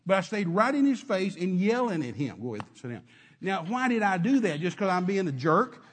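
A male preacher tells a sermon story in an emphatic, repetitive way, circling back over his words. His voice is husky and sits fairly high for a man. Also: very animated, fairly quick.

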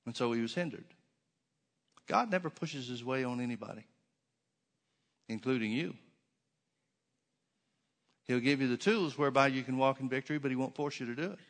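A man's voice: mid-range voice, normal speed, long pauses. A man preaching a sermon to his congregation in a church, emphatic, with many rhetorical questions and repeated phrases. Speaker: pastor.

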